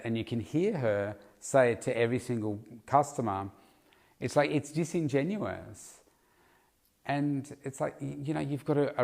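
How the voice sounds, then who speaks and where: A man's voice: mid-range voice, darkish tone. A man hosting a solo podcast, talking in a casual, rambling way with lots of fillers and restarts. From Australia. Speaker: podcast host, health coach.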